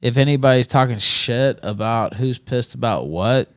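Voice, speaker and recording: A man's voice: medium pitch, normal speed, no room sound. A stressed livestream host, a man, ranting angrily and combatively with heavy swearing. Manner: combative, swears heavily, yells. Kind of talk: angry profane rant.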